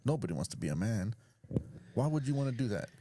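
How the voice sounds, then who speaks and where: Guy reacting to a clip, mellow low-key voice, blunt and repeats himself a lot. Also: big pitch swings, quick pace, breathy edge. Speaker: reaction video co-host. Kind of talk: casual opinionated commentary.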